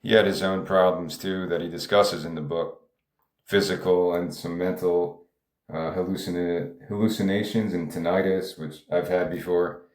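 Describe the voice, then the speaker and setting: This man's voice is low and darkish, steady in tone and moderate in pace, with a roomy sound around it. He's a songwriter musing casually about his music, wandering off track, interrupting himself, and using lots of filler words.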